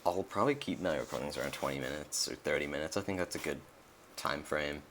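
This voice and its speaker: A man's voice: very deep voice, expressive, fast, fairly bright tone, slight background noise. A young man giving casual, rambling commentary over a video game he is playing, full of fillers and restarts. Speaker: let's play commentator.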